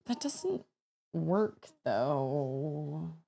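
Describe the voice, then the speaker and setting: A woman's voice: deep voice, sing-song, drawn-out words, creaky, mellow, husky. A woman in her thirties chatting casually as a streamer, laughing often and breaking into sudden exclamations. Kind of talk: casual chat while building.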